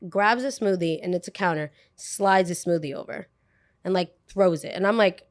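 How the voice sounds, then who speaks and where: A woman's voice: lowish voice, moderate pace. A young woman hosting a podcast, telling a story in a casual, chatty way with lots of "like". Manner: chatty, peppers speech with "like", animated retelling. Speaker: podcast host.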